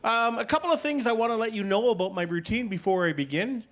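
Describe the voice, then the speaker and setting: A middle-aged man doing a stand-up comedy set, playful with deadpan punchlines, acting out both sides of conversations on stage. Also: high voice, fast talker, a little hiss or hum. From Canada. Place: comedy stage before a live audience.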